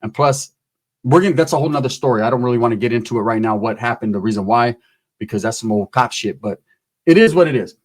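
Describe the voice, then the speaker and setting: A man telling a comic story, animated and profane, acting out every character himself. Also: medium pitch, fast. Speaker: comedian. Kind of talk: comedic storytelling.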